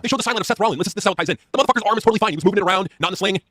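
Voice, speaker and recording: A man rants loud and profane in a casual wrestling chat. His voice is high and husky, and his words pour out at a very fast pace. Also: no echo, clean studio sound. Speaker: podcast co-host.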